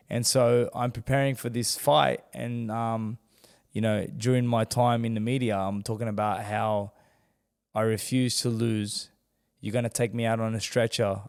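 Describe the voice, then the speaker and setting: A man with a gravelly voice tells a story as a podcast guest, animated and acting out the people he quotes. His voice carries a long reverb from the room around him. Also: lowish voice. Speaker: guest, former world champion boxer. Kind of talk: candid storytelling in a podcast interview.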